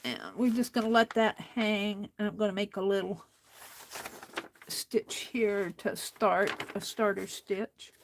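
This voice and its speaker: A woman's voice: medium pitch, steady tone, slow, slight background noise. A woman hosting an art journaling demonstration, talking to herself as she stitches in a book and getting mildly frustrated. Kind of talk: casual crafting demonstration.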